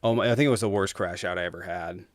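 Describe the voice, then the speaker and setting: Hosting his own livestream, a man with a low-pitched voice talks fast, ranting bluntly and swearing freely in casual, heated talk.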